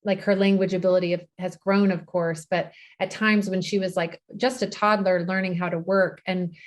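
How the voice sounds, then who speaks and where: A woman's voice: on the low side, flat delivery, moderate pace. A woman in her thirties, a podcast guest, telling a personal story tenderly. She often stops and restarts her sentences and repeats words. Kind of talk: emotional podcast conversation.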